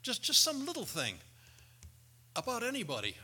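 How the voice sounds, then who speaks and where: A man preaching a sermon, telling stories and acting out quoted voices with lively emphasis. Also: extremely high pitch, normal speed, breathy edge. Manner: animated storytelling with quoted voices. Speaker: pastor.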